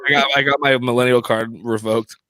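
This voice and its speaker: Bright-voiced man in his thirties, joking. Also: medium pitch, fairly even intonation, a little fast, a little hiss or hum. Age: 30s. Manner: loose, joking, full of restarts. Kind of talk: casual chat.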